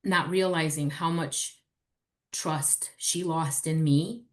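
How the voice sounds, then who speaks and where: A woman's voice: low-pitched, slow pace. A woman in her forties, a podcast guest, candidly and animatedly telling personal stories in casual chat. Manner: candid, animated storytelling with swearing.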